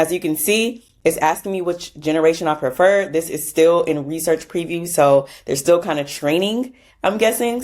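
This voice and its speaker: Woman, low voice, chatty tutorial host, casual asides and laughs. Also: darkish tone. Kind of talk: casual screen-recorded software tutorial.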